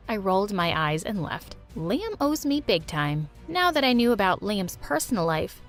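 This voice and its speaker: A woman narrating a first-person animated drama in an expressive, dramatic storytelling manner. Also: medium pitch, moderate pace, hardly any pauses, faint music behind.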